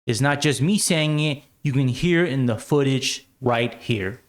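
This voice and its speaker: A man's voice: medium pitch, measured pace. An American man hosting an opinionated commentary show, talking emphatically with rhetorical asides.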